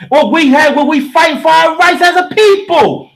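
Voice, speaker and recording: Man, strikingly high voice, bright and forceful, preachy livestream rant, frequent shouting. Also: normal speed. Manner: preachy, fiery, often shouting, addresses listeners directly. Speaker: livestream host reading chat.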